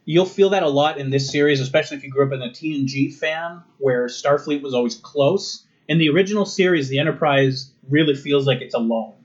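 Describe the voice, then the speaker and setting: A young man in his twenties with a fairly high voice, ranting and laughing his way through a casual podcast chat. His delivery is animated and indignant, full of quick asides. The recording is slightly muffled and lo-fi. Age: 20s. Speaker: podcast co-host. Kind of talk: casual chat reviewing a TV episode.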